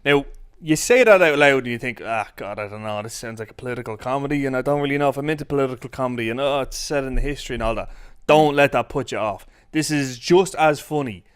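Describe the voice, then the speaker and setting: A man's voice: mid-range voice, clean tone. Chatty man reviewing films. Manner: rambling, heavy use of "like", quick bursts of excitement. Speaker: film critic. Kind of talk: casual chat.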